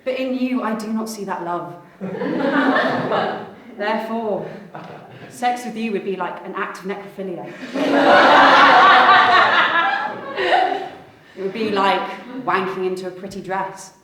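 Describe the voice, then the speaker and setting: A woman's voice: medium pitch, animated, slow pace, pauses often, a crowd in the background. A young woman voicing a smug, pompous young man in a queue, unruffled and grandiose. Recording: echoey room from far off.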